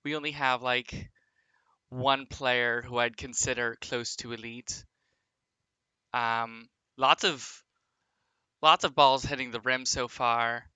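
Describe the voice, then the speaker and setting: A man's voice: medium pitch, fairly even intonation, slow, pauses often, sharp tone, clear, resonant tone, dry recording. A man streaming a basketball simulation game, rambling casually with viewers and full of fillers. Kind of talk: casual live-stream commentary over a basketball sim.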